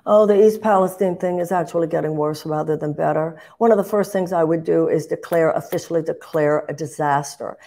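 An older woman talking politics with passion and force. Her low voice has a gravelly, fry-edged grain. She keeps restarting phrases and lifting into emphatic bursts. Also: fairly quick, hardly any pauses, warm tone. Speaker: guest, political candidate. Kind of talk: impassioned political commentary.

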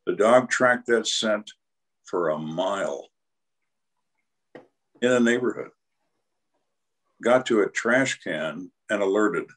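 A man's voice: on the low side, animated, takes it slowly, pauses often, fairly bright tone. An older man, a retired homicide detective, telling cases as an interview guest in a blunt, dry and dramatic way. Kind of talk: storytelling interview.

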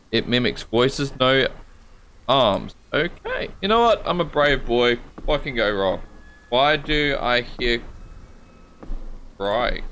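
An Australian gaming channel host talks through a horror game in a mid-range, pushed and bright voice, with a little hiss or hum behind it. He's jumpy, swears a lot and makes jokes to himself.

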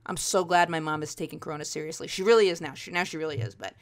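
A woman podcast host telling rambling comic stories in casual chat over a video call, often jumping into high quoted voices. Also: rapid-fire. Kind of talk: casual comedic storytelling.

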